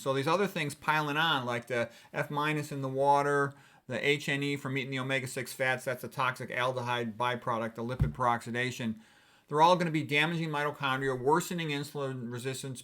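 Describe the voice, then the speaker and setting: A middle-aged man, a physician, giving a blunt, emphatic talk on health that rises to forceful stresses. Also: medium pitch.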